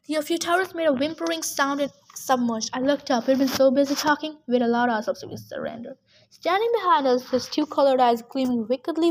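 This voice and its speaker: A woman's voice: sits high, fairly quick, a little hiss or hum. A woman hosting a podcast, reading a novel aloud in plain storytelling narration with small stumbles. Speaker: podcast reader.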